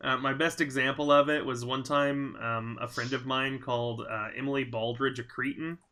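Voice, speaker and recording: A man's voice: mid-range voice, fairly even intonation, normal speed, pushed and bright. A man from Southern Indiana hosting a let's play, chatting casually and rambling as he plays and reads chat. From Southern Indiana, USA. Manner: rambling, self-deprecating, reads chat aloud. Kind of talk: casual gameplay commentary.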